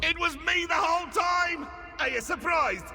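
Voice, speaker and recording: An actor playing a crazy male Daedra trickster in a game, theatrical and gleeful, shouting his taunts. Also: very high voice, normal speed, vocal fry. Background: game music.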